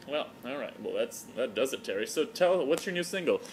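A man hosting a comedy vlog, stammering and tripping over restarts in a mock-excited way. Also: medium pitch, brisk, few pauses, slight background noise. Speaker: blog host.

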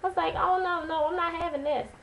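Woman vlogger, high-pitched, animated casual storyteller. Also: fast talker, vocal fry, poor audio. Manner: animated, chatty, dramatic retelling.

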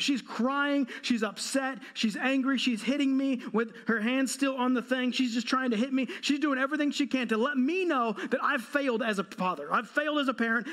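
In church, a thirtysomething pastor with an unusually high voice for a man delivers his sermon through a funny story at his own expense. His timing is a storyteller's, and the voice sounds a bit bright.

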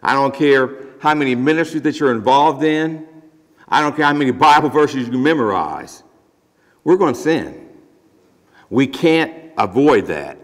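A man's voice: mid-range voice, unhurried. A man preaching a sermon as pastor, talking in an emphatic, conversational way with plain everyday phrases. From Ohio. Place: church sanctuary. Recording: long church reverb.

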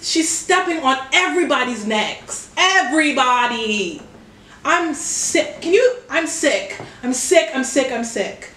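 Young woman, high and unhurried, excitable music-reaction vlogger, faint music behind. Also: echoey room. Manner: excitable, exclaiming and swearing, cheering at the song. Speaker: reaction video creator. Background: music playing from a speaker.

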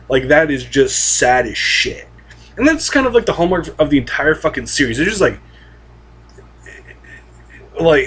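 A man's voice: mid-range voice, a bit bright, slightly rough. A young man talking casually and rambling about anime, swearing freely and restarting his sentences with lots of fillers. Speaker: anime vlogger.

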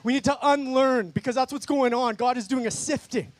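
In a dry recording, a man with a very high-pitched voice talks fairly quickly while delivering a fervent testimony at an outdoor park worship gathering. As the guest speaker, he hammers points home repetitively and keeps calling the crowd "guys."

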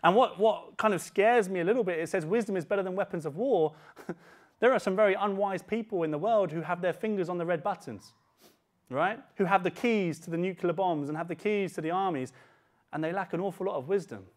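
A man preaching a sermon as pastor, chatty and plain, slowing down to quote scripture. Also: sits high. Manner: conversational, slows for scripture quotes.

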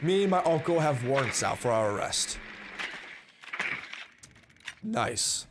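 A man's voice: medium pitch, very animated, takes it slowly, background noise. A young man telling a story in a casual, rambling way, often repeating words and swearing bluntly. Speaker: vlogger.

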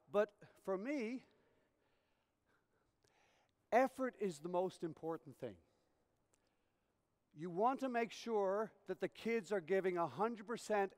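A man's voice: high voice, expressive, a little slow, darkish tone, smooth. A man giving a coaching lecture at a conference, explaining through acted-out examples and often checking in with his audience. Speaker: tennis coach educator. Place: conference hall. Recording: reverberant hall recording.

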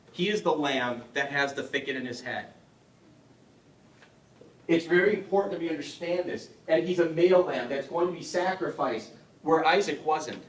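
Middle-aged man, parish speaker, higher voice, jokey and chatty, quizzes the audience, echoey hall, mic far off. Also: fairly bright tone. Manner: humorous, asks the audience questions. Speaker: parish adult education speaker. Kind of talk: conversational teaching talk.

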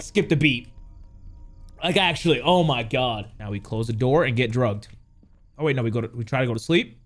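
A young man playing a horror game, jumpy and swearing as he talks to his chat. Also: fairly high pitch. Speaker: gaming youtuber. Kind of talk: horror game let's play commentary.

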